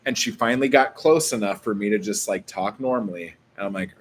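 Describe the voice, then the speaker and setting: A man's voice: on the low side, brisk, few pauses, slight background noise. A man vlogging casually, rambling through a story full of filler words and swearing.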